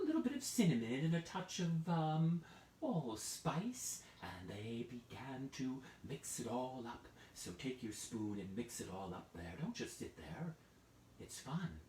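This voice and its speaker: Playful, unhurried male storyteller. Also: mid-range voice. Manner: playful, lively, addresses listeners with hand-play prompts. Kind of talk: live storytelling for children. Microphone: video call. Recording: roomy, distant from the mic.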